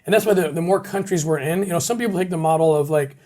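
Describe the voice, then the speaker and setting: A man who leads an anti-trafficking group, telling a story in an interview in an animated way with many quick restarts. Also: a little high. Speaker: anti-trafficking organization leader.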